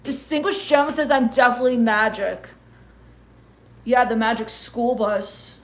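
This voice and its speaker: A woman's voice: a little high, moderate pace. A woman streamer reading chat comments aloud and answering them in a sarcastic, gloomy mock-goth rant. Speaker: livestream comedian reading chat. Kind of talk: comedic livestream chat reading.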